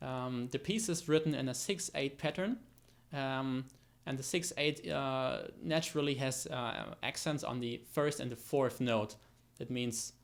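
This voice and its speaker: There's a little hiss or hum as a man with a creaky mid-range voice speaks a little slowly, barely pausing. Loud guitar playing sits under his voice as he teaches guitar technique, using frequent fillers, restarting often, and counting beats aloud.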